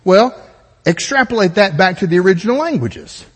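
A man's voice: high-pitched, very animated, moderate pace, slightly rough, big-room sound. A man pastor giving a methodical teaching sermon, explaining points step by step with conversational asides.

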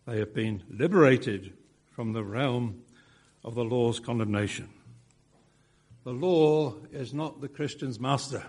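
A man preaching an expository sermon, with measured phrasing and emphatic repetition. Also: mid-range voice, darkish tone, husky.

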